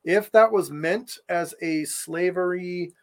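A man's voice: high-pitched, takes it slowly. A man co-hosting a podcast in casual chat, blunt and opinionated. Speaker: podcast co-host.

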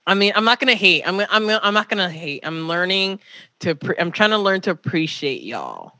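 A woman's voice: fairly low pitch, very animated, moderate pace, pushed and bright, no echo. A woman from Toronto co-hosting a podcast, chatting casually and animatedly, teasing her co-host with pressing questions. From Toronto, Canada. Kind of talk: casual chat.

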